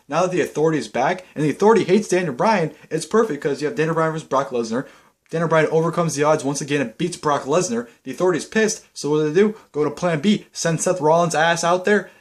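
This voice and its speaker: A young man giving a casual, rambling video recap that is full of fillers and bursts of excitement. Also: a little high. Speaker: vlogger.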